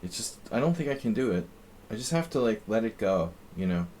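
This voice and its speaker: A man's voice: on the low side, big pitch swings, fairly quick, darkish tone, a little hiss or hum. A man streaming chess, chatting casually and reading his moves aloud as he thinks. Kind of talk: casual live-stream chat while playing.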